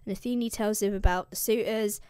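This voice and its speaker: A young woman retells an epic poem in chatty, irreverent slang, with a voice at a middle pitch. It sounds dry and close to the mic. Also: fairly even intonation, a little fast, warm tone, smooth, no room sound. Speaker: host explaining classics. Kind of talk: casual comic retelling.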